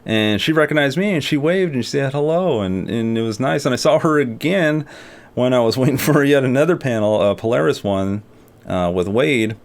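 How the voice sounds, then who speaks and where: A man's voice: lowish voice, clear, resonant tone. A young man telling a story in a casual vlog, rambling with many fillers and restarts. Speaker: artist and video creator.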